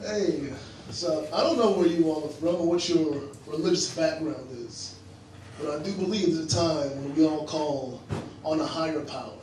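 A young man performing a stand-up comedy set in a club, animated and acting out characters. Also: on the high side, normal speed. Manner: animated, acts out characters in raised voices. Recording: echoey club sound from a distant mic with loud crowd noise. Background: audience laughter.

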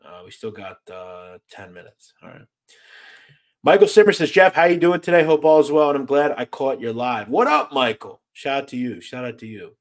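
A man's voice: mid-range voice, lively intonation, normal speed. An American man hosting a casual livestream, reading chat comments aloud and answering them bluntly, swearing freely and sounding exasperated. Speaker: host reading live chat.

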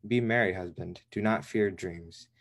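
A man's voice: low voice, a little slow. A man voicing a scolding female hen, the rooster's wife, in a firm, chiding way.

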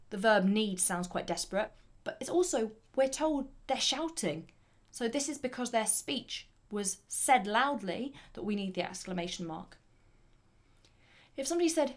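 A woman with a fairly high voice teaches a grammar lesson. She explains each point clearly and deliberately, then lifts her voice to read the example sentences with emphasis. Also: expressive.

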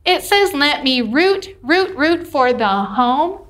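A woman's voice: sits high, animated, slow pace, a bit bright. A woman teacher leading a cheerful, patient lesson for young children, coaxing them along.

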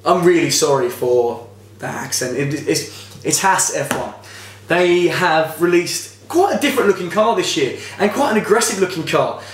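A man's voice: on the high side, expressive, moderate pace, recorded from a distance, a little hiss or hum. A man giving a casual, opinionated motorsport video commentary, talking in a rambling way with frequent restarts. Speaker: motorsport vlogger. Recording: echoey room.

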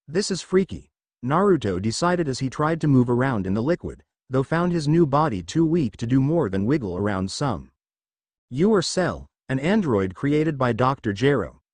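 A man narrating a fan fiction story in a steady storytelling manner. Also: medium pitch, no room sound. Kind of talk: fan fiction audiobook reading.

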